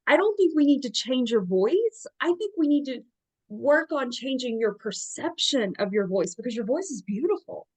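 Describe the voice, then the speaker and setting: A woman's voice: high-pitched, sing-song, moderate pace. A woman with a Southern Alabama accent, a therapist giving encouraging advice on a video call and repeating her points with emphasis. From Alabama, USA. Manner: warm encouraging, emphatic repetitions. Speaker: therapist hosting a group session.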